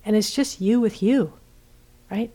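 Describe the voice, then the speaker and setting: Gentle woman giving a dharma talk. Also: medium pitch, a little slow. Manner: gentle, often checks in with "right?", trails off softly. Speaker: meditation teacher. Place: retreat center.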